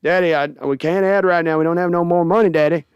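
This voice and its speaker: A man voices a harried grown son pleading with his rich father. The tone is smooth and clear in a dry room, near the speaker's own register. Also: fairly high pitch, fairly even intonation, fast, no room sound, dull audio, natural voice. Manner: pleading, exasperated. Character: anxious grown son of a rich team owner.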